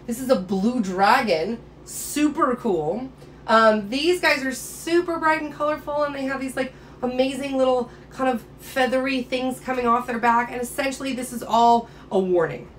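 A woman's voice: sits high, normal speed, a little hiss or hum. Upbeat woman teaching biology. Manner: enthusiastic, chatty, playful. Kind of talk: casual classroom lecture.

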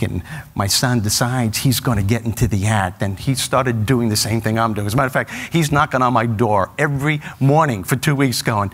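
A middle-aged man, a comedian telling a stand-up story and acting out the quotes with animated energy. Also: medium pitch, fast. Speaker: comedian and motivational speaker.

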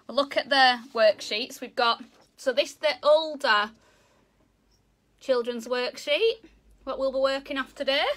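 Bright, bubbly Yorkshire woman teaching. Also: high-pitched. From Yorkshire, England. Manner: chatty, bubbly, self-deprecating. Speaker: zoo educator. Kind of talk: online children's lesson.

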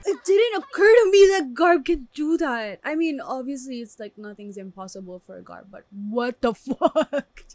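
A woman hosting an anime reaction video, giving live commentary in an excitable way, exclaiming and laughing often. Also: high-pitched, moderate pace, few pauses, no room sound.

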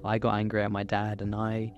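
Over soft background music and lo-fi sound, a young man speaks in a lowish, monotone voice at a fairly quick pace. He's a YouTuber delivering a personal motivational monologue, candid and earnest, with occasional swearing.

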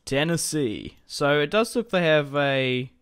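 A man's voice: on the high side, animated, a little slow, fairly bright tone, clear, resonant tone. A young man casually commenting on a strategy game as he plays, rambling and chatty, often laughing to himself. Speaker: gaming commentator.

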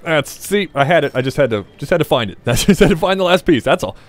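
A man's voice: a little high, expressive, fast, faint music behind. A man casually commenting on his gameplay as a Let's Play host, rambling and joking with his viewers. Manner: rambling, jokey, talks to viewers.

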